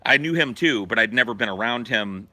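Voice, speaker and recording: A man telling a profane story in a casual, animated way as a podcast host. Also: medium pitch, fairly quick, no room sound.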